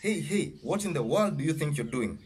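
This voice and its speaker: A man voicing an angry father confronting a stranger, his voice raised and higher. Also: lively intonation, a little fast, darkish tone, a little hiss or hum, close to an everyday voice.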